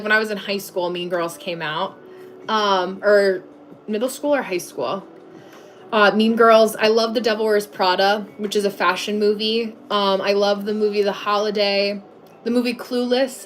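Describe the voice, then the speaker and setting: Woman, 30s, casual livestream host, chatty, full of fillers, faint music under her. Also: mid-range voice. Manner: chatty, many fillers and restarts. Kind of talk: casual live chat answering viewers.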